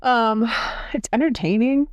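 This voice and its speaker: A woman co-hosting a casual podcast chat, telling stories in an animated way and acting out movie scenes. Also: on the high side, a little slow, no echo, dull audio. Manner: animated storyteller who acts out movie scenes. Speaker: podcast co-host.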